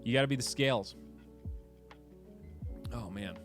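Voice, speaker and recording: A man hosting a casual livestream chat, animated and swearing, moving between low mutters and excited outbursts. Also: a little slow, soft background music. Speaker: streamer host.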